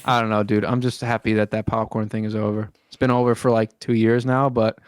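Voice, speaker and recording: A man's voice: lowish voice, level tone, a little fast, smooth, no echo. A young man hosting a podcast, talking in a rambling, casual way with lots of swearing and fillers. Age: young adult. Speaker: podcast host. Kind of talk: casual chat.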